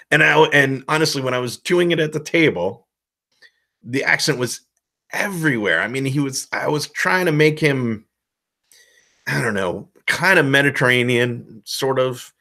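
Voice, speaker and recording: A man giving casual advice as a game master, loose and self-deprecating, rambling with a relaxed tone. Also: medium pitch, unhurried, pauses often. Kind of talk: casual instructional talk.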